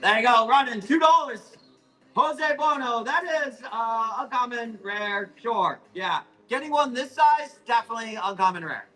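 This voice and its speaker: A man hosting a live plant auction, rambling, apologizing and swearing as he hurries through his sales pitch. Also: normal speed, sharp tone, faint music behind, poor audio. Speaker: live-stream plant seller. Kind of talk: live auction selling chat.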